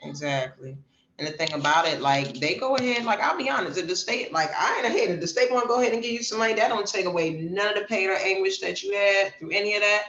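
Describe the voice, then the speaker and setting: A woman's voice: mid-range voice, animated, brisk, a bit bright, reverberant, muffled recording, slight background noise. A woman co-hosting a podcast, chatting in an agreeing, conversational way. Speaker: podcast co-host. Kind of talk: casual chat.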